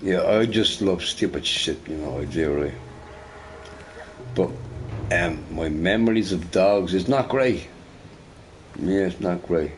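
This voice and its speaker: A man with a fairly low voice chats loosely while he plays a game. He rambles and repeats phrases, and he swears casually. He keeps checking in with "you know, right?". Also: slow, pauses often, slight background noise. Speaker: gamer recording gameplay. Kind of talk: casual storytelling over gameplay.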